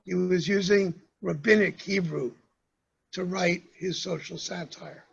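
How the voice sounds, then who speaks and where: A man lecturing to a congregation, speaking slowly and pausing often, with "um"s between his points. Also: high voice, creaky, breathy edge, muffled recording. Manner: slow, measured delivery with pauses and fillers. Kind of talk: talk to a congregation.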